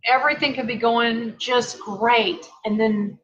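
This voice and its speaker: A woman's voice: a little high, fairly even intonation, unhurried, hardly any pauses, lo-fi sound. Earnest woman in a heartfelt vlog. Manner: earnest, heartfelt, softly emotional. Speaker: family caregiver. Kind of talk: confessional vlog. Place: at home, seated.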